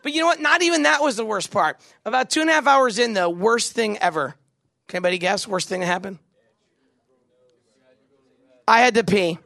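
Gravelly high-voiced man telling a funny story. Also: quick pace, no echo. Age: 40s. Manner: animated, jokey, asks the crowd questions. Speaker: camp speaker. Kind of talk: comedic storytelling to a live audience.

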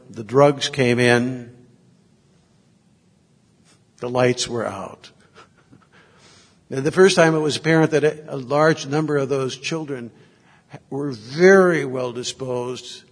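With a mid-range voice echoing in a long reverb tail, a male Catholic priest gives a sermon woven with stories from his ministry. His manner is reflective, and he moves in and out of the voices he quotes.

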